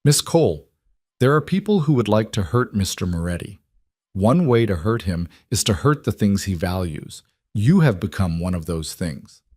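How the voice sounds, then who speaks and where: A man's voice: lowish voice, big pitch swings, moderate pace, a little mellow, dry recording, studio quality. A man voicing a serious, loyal bodyguard who speaks in a grave, formal way in an audiobook reading.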